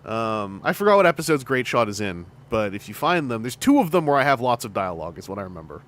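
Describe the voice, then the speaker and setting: A Canadian man around forty chatting casually on a livestream, animated and laughing often. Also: medium pitch, fast talker. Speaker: streamer host and fan voice actor.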